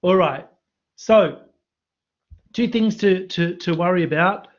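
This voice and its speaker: A man's voice: high-pitched, slow, lo-fi sound. A man teaching a live-streamed maths revision lesson, quizzing students in the chat. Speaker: university maths lecturer. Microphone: computer mic on a live stream.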